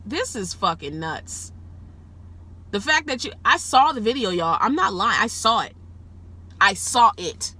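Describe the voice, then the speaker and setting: A woman rideshare driver telling a story to the camera from her car, casual and animated, swearing freely and jumping high in pitch when she gets excited.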